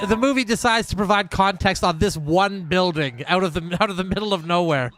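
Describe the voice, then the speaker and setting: A man's voice: high-pitched, fairly quick, a bit bright, soft background music. A man co-hosting a comedy show who teases and laughs over a film. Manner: teasing, laughing. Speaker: comedy podcast co-host.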